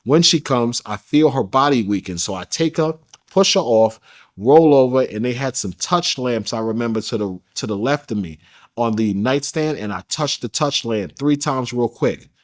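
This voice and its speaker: A man's voice: medium pitch, lively intonation, normal speed. A man as an interview guest, telling a personal story candidly in a casual, slangy and blunt way.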